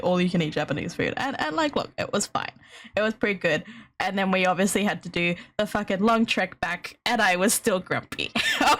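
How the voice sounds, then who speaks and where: Young woman, streamer, profane grumbling rant, frequent laughter, fairly high voice. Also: fairly bright tone. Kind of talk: storytime rant to chat.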